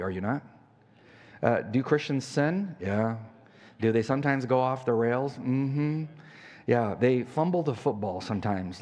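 A man's voice: mid-range voice, darkish tone, breathy edge. An older man preaching a sermon as pastor, telling a story in a conversational way with many fillers and restarts. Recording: church hall reverb.

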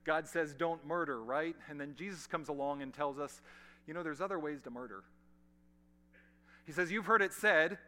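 Bright-voiced preacher man, loud then hushed. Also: on the high side, normal speed, pauses often. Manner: dynamic preaching, swinging from loud emphasis to hushed near-whispers; conversational asides to the congregation. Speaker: pastor. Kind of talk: sermon. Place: large church hall.

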